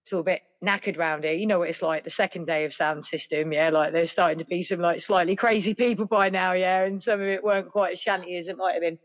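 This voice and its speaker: Lively woman telling stories. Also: lowish voice, fast talker, hardly any pauses. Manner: lively, acts out other people's voices. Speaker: podcast guest. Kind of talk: casual storytelling.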